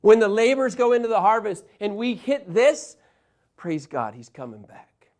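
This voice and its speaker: A man delivers a Bible lesson in a preaching style, his voice sitting fairly high for a man. He tells stories with energy, pushing some lines out loudly and dropping others to near asides. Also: normal speed. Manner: animated storyteller, shifts between loud emphasis and quiet asides. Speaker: Bible teacher.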